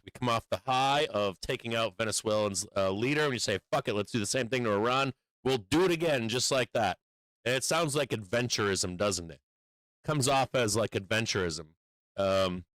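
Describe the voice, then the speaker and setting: A man riffs through casual livestream market commentary, swearing freely and stumbling over fillers as he hammers home his warnings. His pitch sits right in the middle for a man. The sound is dry and close, with no room around it. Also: fairly bright tone, no room sound, low-quality recording. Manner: blunt and profane, rambling with many fillers; urgent warning tone. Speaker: stock market streamer.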